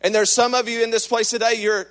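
A man preaching an energetic sermon, calling out to the congregation for amens, joking and shouting. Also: very high-pitched, fast talker. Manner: call-and-response, shouting and joking. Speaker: lay preacher.

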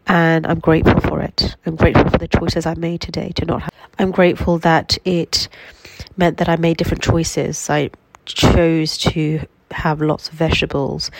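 Nasal woman with a cold, gravelly and flat. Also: deep voice, no room sound, low-quality recording. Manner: slow, reflective, gently affirming. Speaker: healing coach. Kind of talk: spiritual self-help talk. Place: in bed at home.

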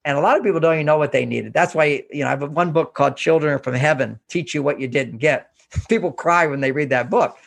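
An older man from Houston, Texas, gives self-help advice as an interview guest. His voice sits a little high for a man and has a gravelly, creaky edge. He talks earnestly and drives each point home by repeating it. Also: quick pace, a bit bright. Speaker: author and relationship guest.

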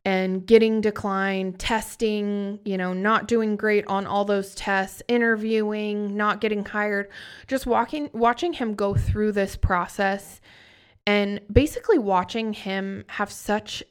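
A woman's voice: medium pitch, steady tone, takes it slowly, smooth. A woman in her thirties, a podcast guest telling her story candidly and earnestly, often restarting her sentences.

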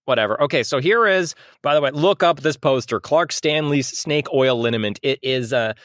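A man's voice: mid-range voice, moderate pace, a bit bright, no room sound, studio quality. A man co-hosting a comedy podcast in casual chat, laughing often and joking as he explains. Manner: laughs often, jokey, puts on voices when reading quotes. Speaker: podcast co-host.

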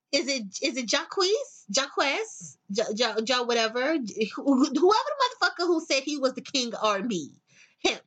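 A middle-aged woman hosting a show, delivering a blunt, profane, animated rant in casual monologue. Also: sits high. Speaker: podcast host.

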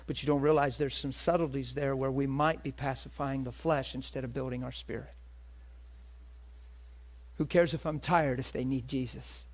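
A man preaching a sermon, telling a personal story with animated delivery that swings between loud and hushed. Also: mid-range voice, moderate pace.

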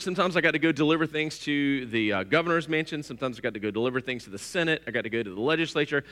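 A middle-aged man, preaching a sermon in a church and telling stories with lively, acted-out voices. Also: on the high side. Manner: lively storytelling, acts out voices. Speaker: pastor. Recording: long hall reverb.

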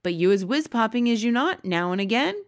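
A woman's voice: a little high, lively intonation, a little fast, pitched above the performer's own voice. A woman voicing a big, kindly old male giant who talks in mangled, made-up words and broken grammar. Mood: jolly.

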